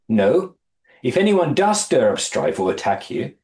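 A man leading a Bible study, reading scripture aloud, explaining it with halting restarts and quizzing his listeners. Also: fairly high pitch, big pitch swings, a little mellow. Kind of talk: Bible study teaching to a small group. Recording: echoey room.

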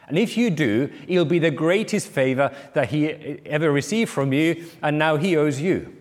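A man's voice: a little high, lively intonation, normal speed, hardly any pauses, in a large hall. A man preaching a sermon, explaining a parable and briefly acting out the people he quotes. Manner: explanatory, acts out quoted speakers.

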